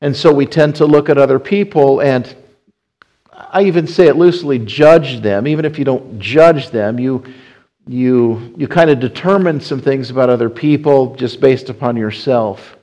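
A man's voice: medium pitch, moderate pace, dark tone, rough recording. A man gives a sermon in a church, his voice sitting in the middle range. He speaks casually and down to earth, circling back and restarting phrases as he works through his point. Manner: conversational preaching with frequent restarts. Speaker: pastor.

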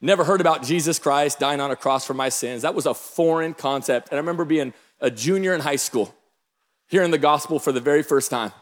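A pastor from the Pacific Northwest preaching a sermon, telling stories with bursts of shouting. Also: male voice, a little high, fairly quick. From Pacific Northwest, Tacoma, Washington. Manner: energetic storytelling, bursts of shouting. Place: large church hall. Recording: long hall reverb.

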